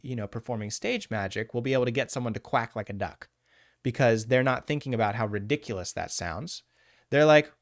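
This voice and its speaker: A man at a mid pitch teaches a live hypnosis class in a loose, blunt way, swearing now and then and calling on viewers by name. The sound is close and dry, with no room echo. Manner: animated, blunt and profane, answers chat by name. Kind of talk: casual livestream lecture.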